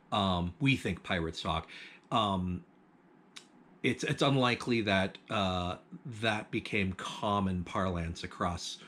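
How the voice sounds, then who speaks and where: Male host, lowish voice, casual explainer with ums and chuckles. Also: fairly bright tone. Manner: chatty, with frequent ums, restarts and chuckles. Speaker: host of a food history channel.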